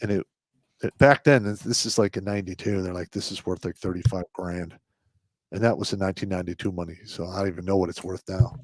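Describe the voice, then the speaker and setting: Low-voiced man talking plainly, dry sound. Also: steady tone, fast talker, dry recording. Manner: plain-spoken, recalls details matter-of-factly. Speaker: veteran guest on a stream. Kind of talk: casual live-stream chat.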